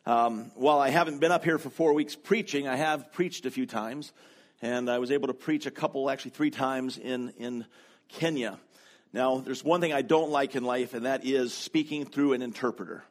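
A man's voice: mid-range voice, normal speed. A male pastor giving a sermon in a church, talking in a chatty, conversational way with self-deprecating humor, on a handheld microphone. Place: church sanctuary.

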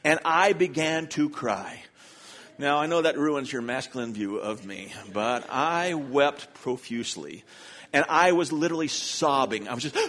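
A man's voice: mid-range voice, fairly bright tone. A man from the US South preaching a sermon in church, telling self-deprecating stories with humor. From Charlotte, North Carolina, US. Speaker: pastor. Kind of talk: sermon with personal storytelling.

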